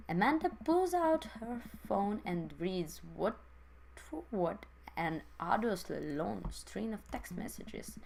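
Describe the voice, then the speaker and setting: A non-native English-speaking woman reading a visual novel aloud as a let's play host, in an expressive way. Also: takes it slowly, vocal fry, a little hiss or hum. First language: not English. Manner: expressive, swings pitch between characters. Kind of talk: reading game text aloud.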